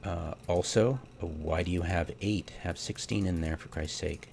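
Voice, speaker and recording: Man, low and gravelly, casual game commentary, exasperated rant, faint keyboard hum behind. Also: unhurried, a little mellow. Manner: exasperated, rhetorical questions, many ums. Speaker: game theorycrafter. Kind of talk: casual ranting commentary over gameplay.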